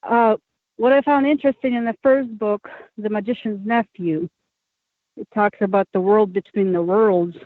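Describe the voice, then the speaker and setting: A man's voice: high-pitched, fairly even intonation, moderate pace, no echo. A male caller chatting casually, giggly and hesitant. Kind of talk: casual phone chat. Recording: tinny phone line.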